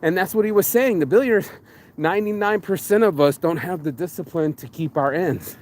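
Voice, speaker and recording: A man's voice: high-pitched, brisk, darkish tone. A man in a casual motivational monologue, rambling and swearing, calling the listener "bro". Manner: rambling, swears a lot, says "bro" often. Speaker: vlogger. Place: in a car in a parking lot.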